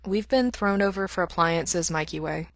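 A gentle young man with a soft, understated, dryly wry way of speaking, as a woman reads him. Low, dry storybook voice. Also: moderate pace, dry recording, natural voice.

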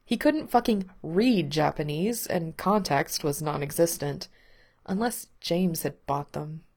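A woman narrating fiction aloud in a calm, measured, unhurried way. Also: low voice.

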